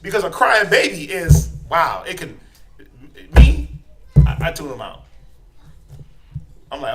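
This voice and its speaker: A man's voice: on the high side, big pitch swings, takes it slowly, pauses often, background noise. A man with an American accent teaching a class in a casual, joking way, often acting out voices in quoted asides. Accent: American English.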